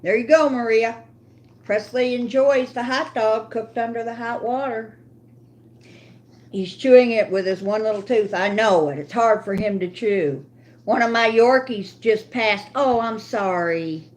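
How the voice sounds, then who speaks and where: A woman's voice: fairly high pitch, measured pace. An older woman hosting a casual livestream from home, chatting with viewers and talking to her dog as she cooks. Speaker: livestream host.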